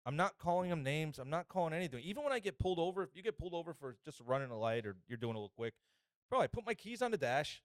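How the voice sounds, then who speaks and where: A man's voice: a little high, racing, no echo, studio quality. A man co-hosting a podcast in a casual chat, telling stories and acting out other people's voices. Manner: animated storyteller, acts out other people's voices. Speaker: podcast co-host.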